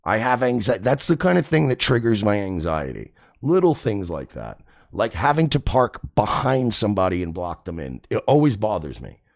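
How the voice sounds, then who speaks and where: A man hosting a radio show, telling a story in a casual, profane, animated way. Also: on the low side, normal speed, vocal fry. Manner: profane, animated, acts out quotes.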